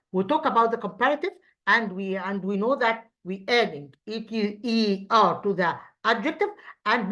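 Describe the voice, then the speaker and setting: A woman teacher with an Egyptian accent, a native Arabic speaker, explaining an English lesson to children with halting restarts and quizzing questions. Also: fairly high pitch, a bit bright. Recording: dull lo-fi sound.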